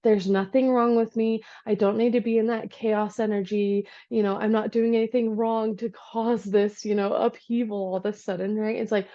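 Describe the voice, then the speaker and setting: A woman in her thirties, an energy healer, chatting casually in a vlog from her home office, animated as she retells her day. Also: mid-range voice, normal speed, hardly any pauses. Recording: dull lo-fi recording.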